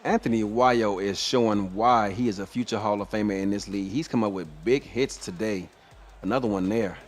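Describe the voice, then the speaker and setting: A male color commentator explains football plays in an easygoing, talkative way. He adds casual asides now and then. Faint noise hums quietly behind him. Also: lowish voice, brisk. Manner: conversational analysis with casual asides and small laughs. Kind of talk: live sports color commentary.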